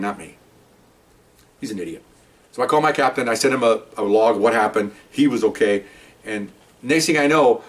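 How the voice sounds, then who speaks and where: An older man, a retired narcotics detective, telling a story from his career in a heated, animated way and acting out what people said. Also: medium pitch, distant mic. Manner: heated, animated, acts out quoted lines. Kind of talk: personal storytelling.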